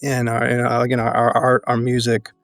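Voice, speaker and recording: An earnest man speaking as an interview guest, his voice sitting at a middle pitch for a man. He thinks aloud in measured, restarting phrases and breaks into laughter often. The sound is dry and close, with faint music under it. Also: completely flat delivery, vocal fry, fairly bright tone, dry recording. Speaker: podcast guest, educator and activist. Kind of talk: reflective interview conversation.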